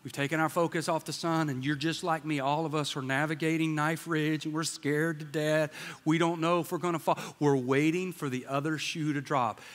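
A man's voice: on the high side, fairly even intonation, moderate pace, in a large hall. A man in his fifties preaching a sermon, telling a candid story and acting out the dialogue. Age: 50s. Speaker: pastor. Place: church sanctuary.

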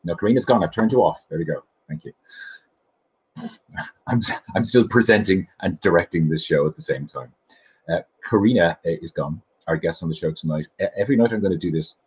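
A man's voice: low voice, a little fast, darkish tone, husky, rough recording. A middle-aged Irish man hosting a casual chat show from his kitchen in a chatty, self-deprecating way. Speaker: host. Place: home kitchen.

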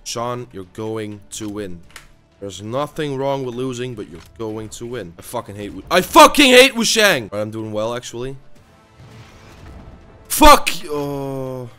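A man's voice: on the low side, moderate pace, faint music behind. A man giving live gameplay commentary, swearing constantly and raging at his opponents, often stammering and repeating himself. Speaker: gaming YouTuber.

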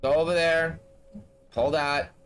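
A man's voice: on the high side, level tone, a little slow, clean tone. A man giving casual let's-play commentary, blunt and talking straight to the game characters. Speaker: gaming streamer.

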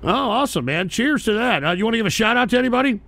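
Gravelly, lively ranting male host. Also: high voice, racing. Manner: crude, ranting, swears constantly. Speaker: call-in show host. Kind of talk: profane call-in stream chat.

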